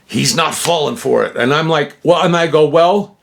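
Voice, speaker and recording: Gravelly man telling a rambling story. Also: a little high, normal speed, fairly bright tone. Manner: rambling, acts out quoted dialogue; frequent fillers and self-interruptions. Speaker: channel host. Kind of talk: casual first-person storytelling.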